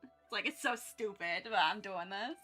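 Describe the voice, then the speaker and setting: A woman's voice: mid-range voice, normal speed, bright, forceful tone, soft background music. A young woman streaming her art, chatting casually and rambling with lots of fillers, restarts and self-mocking asides. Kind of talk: casual chat while drawing.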